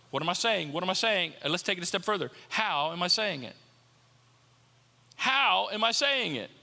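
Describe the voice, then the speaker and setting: Bright-voiced preacher man in a reverberant hall. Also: very high-pitched. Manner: conversational preaching, repeats rhetorical questions. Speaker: pastor. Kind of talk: sermon.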